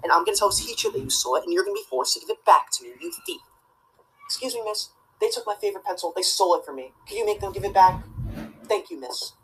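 Lady acting as a tattletale teacher's pet, super husky, always preaching the rules, middle-pitched. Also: expressive, fast, rough recording. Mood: tattling, indignant. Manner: tattling, self-righteous and preachy. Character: prissy rule-obsessed teacher's pet schoolkid. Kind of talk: comedy sketch acting.

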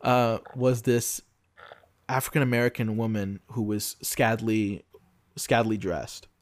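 Halting brazilian guy chatting about films. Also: fairly low pitch, steady tone, no room sound. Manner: halting, searching for words, laughs often. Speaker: podcast co-host. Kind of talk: casual film discussion.

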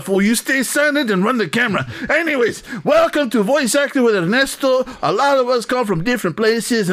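A man's voice: extremely high pitch, a bit bright. A man hosting a comedy bit, talking in a crude, rambling way and laughing at his own jokes. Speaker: comedy host. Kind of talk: improvised comedy sketch.

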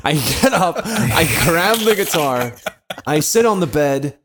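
A man's voice: a little high, animated, slow pace, background noise. A young man telling a long, profane story to friends, laughing often and acting out the voices of the people in it. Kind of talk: casual storytelling.

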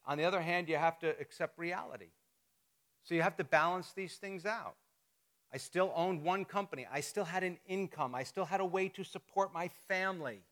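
A man's voice: high voice, moderate pace, a bit bright. A middle-aged man, a pastor preaching a sermon in a church, telling stories in a conversational way and joking with the congregation. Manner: storytelling, conversational, jokes with the congregation. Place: church sanctuary.

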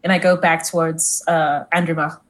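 A woman's voice: low voice, level tone, moderate pace. A woman playing a tabletop game in character, eager and gushing, tripping over her words. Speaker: player.

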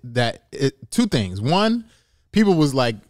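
A man's voice: medium pitch, very animated, slow pace, no room sound, studio quality. A man co-hosting a sports podcast, arguing his point emphatically between laughs. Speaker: podcast co-host. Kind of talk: casual sports chat.

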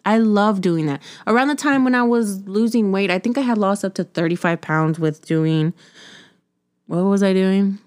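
A woman's voice: mid-range voice, normal speed, a little mellow, clear, resonant tone. A woman hosting a casual solo podcast, talking in a rambling, candid way with curse words and laughter. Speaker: podcast host.

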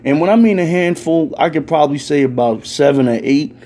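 A young man, delivering a loud, profane rant in a casual stand-up style. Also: on the high side, a little fast. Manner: loud, swearing, ranting, animated. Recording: faint background noise.

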